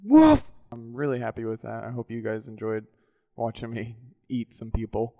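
A young man casually commenting on his gameplay, excitable and playful, shouting at wins and losses. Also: medium pitch, normal speed, vocal fry, dry recording, studio quality. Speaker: gaming video host.

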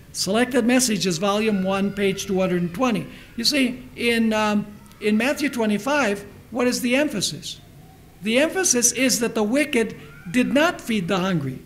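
A man preaching a sermon in a high-pitched voice. He speaks with emphasis, says each scripture reference twice and asks his listeners questions as he goes. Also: slight background noise, rough recording. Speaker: pastor.

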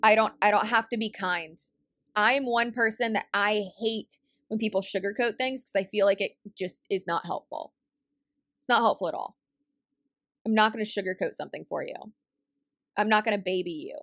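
Woman vlog host, reaction commentary, sassy and blunt, mid pitch, dry untreated room. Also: moderate pace, a bit bright, dry recording. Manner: blunt and sassy, talking back at the screen.

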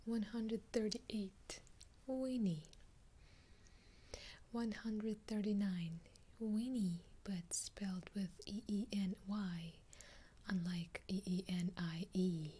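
A woman's voice: mid-range voice, fairly even intonation, slow, mellow, husky. A woman with a Russian accent whispering an ASMR video, reading a numbered list with dry, amused asides. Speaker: ASMR creator.

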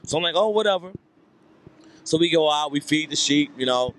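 A man's voice: on the high side, steady tone, quick pace, fairly bright tone. A man doing stand-up, telling a rambling story with repeated lines and voiced quotes. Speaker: stand-up comedian. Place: comedy club stage.

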